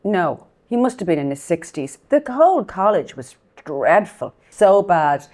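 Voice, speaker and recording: A woman's voice: on the low side, big pitch swings, unhurried, darkish tone. A middle-aged woman co-hosting a casual chat, telling gossipy, blunt stories. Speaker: co-host.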